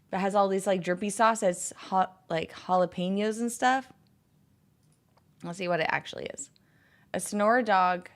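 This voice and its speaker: Chatty woman in her thirties, rambling. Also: mid-range voice. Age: 30s. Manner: rambling, heavy use of "like". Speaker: livestreamer chatting with viewers. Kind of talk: casual stream chat.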